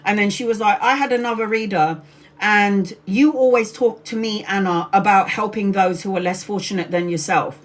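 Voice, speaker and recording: A woman's voice: medium pitch, normal speed. A woman in her forties from Brazil, a tarot reader talking bluntly and chattily on a live stream, swearing casually and acting out quotes. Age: 40s.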